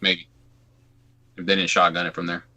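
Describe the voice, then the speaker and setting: A man's voice: sits low, monotone, moderate pace, bright, forceful tone. A man co-hosting a casual podcast, rambling and cursing freely between laughs. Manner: loose, profane, rambling. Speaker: podcast co-host. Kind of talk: casual chat.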